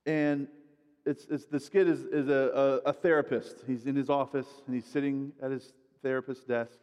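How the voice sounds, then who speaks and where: A man's voice: medium pitch, a little mellow, big-room sound. A man preaching a sermon in a conversational way, often repeating words as he builds his points. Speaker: guest preacher.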